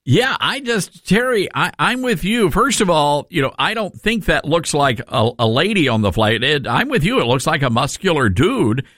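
A chatty middle-aged radio host with a Tennessee Southern twang, upbeat and quick to laugh. His voice sits a little high and swings widely in pitch. The sound is close and dry, with no room around it. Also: sing-song, fairly bright tone, no echo. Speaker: radio talk show host. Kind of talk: call-in radio chat.

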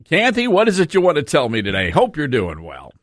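A man's voice: on the high side, huge pitch swings, brisk, no echo, clean studio sound. A man hosting a talk radio show, sarcastic and opinionated, laughing through his asides.

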